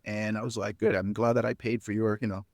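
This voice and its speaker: Speaking quickly in a fairly low, level, slightly mellow voice, a middle-aged man tells a long, casual anecdote as a podcast guest. He founded a spirits company, and in this interview he restarts often, leans on fillers, and imitates the people he quotes. The recording is dry and studio-clean.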